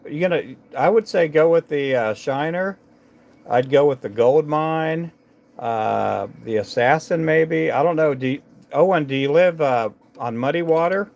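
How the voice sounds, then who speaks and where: A man with a gravelly, creaky voice talks to viewers on his live stream. He rambles from thought to thought with lots of fillers and false starts as he works at his tying bench indoors. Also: fairly high pitch, expressive, a little slow, darkish tone. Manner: rambling, chatty, many fillers and restarts. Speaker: livestream host tying fishing jigs.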